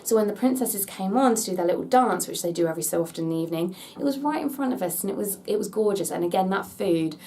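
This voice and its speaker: A woman's voice: medium pitch, expressive, fast, few pauses, mellow, a little hiss or hum. A young English woman vlogger answering Q&A questions in a chatty, gushing way, often thinking aloud. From England. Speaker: theme park vlogger. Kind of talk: casual Q&A vlog.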